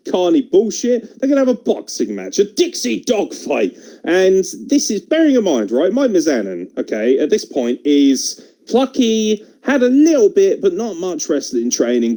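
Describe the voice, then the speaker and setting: A man's voice: fairly high pitch, mellow. A man from England co-hosting a wrestling podcast, talking casually, swearing and laughing as he riffs. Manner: sweary, laughing, puts on impressions. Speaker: podcast co-host.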